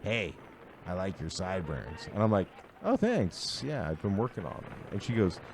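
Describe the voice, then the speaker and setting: A middle-aged man, a podcast co-host, spins crude comic stories in a lively, swooping voice that sits a little low. He laughs often and drops to a hushed mutter mid-story. Faint noise hums behind him. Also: moderate pace. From Southern California. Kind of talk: casual comedic storytelling.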